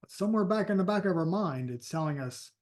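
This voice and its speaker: Casting: man, sales coach, emphatic storyteller, voice sitting a bit high. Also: lively intonation, quick pace, darkish tone. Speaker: sales and network marketing coach. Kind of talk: motivational training talk.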